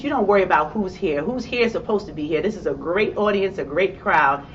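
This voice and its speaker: Animated New York woman telling a story. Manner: animated storyteller who acts out her own excited reactions. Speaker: motivational speaker. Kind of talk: motivational storytelling talk. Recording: distant, dull sound with faint rumble.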